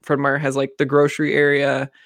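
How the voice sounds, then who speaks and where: A man's voice: medium pitch, completely flat delivery, fairly quick, vocal fry, fairly bright tone, no room sound, clean studio sound. A young man casually telling a rambling story among friends, with lots of fillers.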